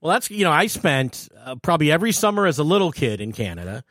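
Upbeat Detroit-area host; bright, bouncy voice, laughs easily. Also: male voice, fairly high pitch, sing-song, quick pace, no echo, clean studio sound. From Detroit area, USA. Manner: eager, laughs often, trails off mid-sentence. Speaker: podcast host. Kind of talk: casual podcast interview.

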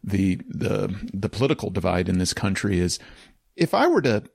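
Man, podcast host, gravelly, lively swooping pitch, reflective questions, laughs often, dry close sound. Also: normal speed, dry recording. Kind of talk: casual interview chat.

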